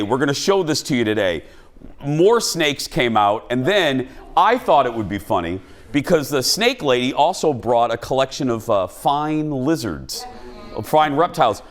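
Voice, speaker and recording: A man hosting a comedic talk show in a TV studio, telling self-deprecating stories and jokes to a live audience. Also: mid-range voice. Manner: jokey, animated, self-deprecating storyteller. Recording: studio audience and background noise.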